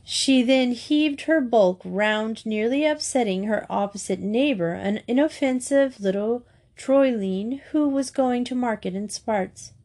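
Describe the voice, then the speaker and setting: A woman narrating a classic children's school story in a steady, clear reading voice. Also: on the high side, a little slow. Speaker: audiobook reader.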